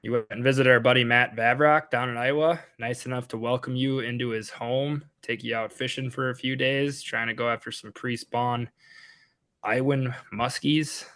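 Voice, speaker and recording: A man's voice: mid-range voice, fairly even intonation, normal speed, fairly bright tone. A man with a Wisconsin accent hosting a casual fishing podcast, laid-back as he steers the talk to his co-hosts. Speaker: podcast host.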